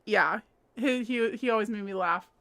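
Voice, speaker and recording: A woman's voice: mid-range voice, normal speed, fairly bright tone. A woman chatting casually on a home livestream while crocheting, giggling often and reading viewers' comments aloud. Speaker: livestream host.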